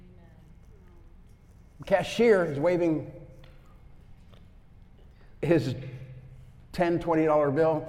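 A man preaching a sermon, telling a story and acting out the voices, swinging from loud to hushed. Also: fairly high pitch, slow pace, long pauses. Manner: animated, acts out quotes, swings from loud to hushed. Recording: long hall reverb.

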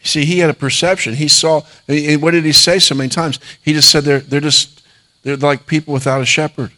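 A man's voice: fairly high pitch, flat delivery, fairly quick, bright, forceful tone. A middle-aged man, a pastor, preaching a sermon and telling a personal story in an earnest voice, with frequent restarts.

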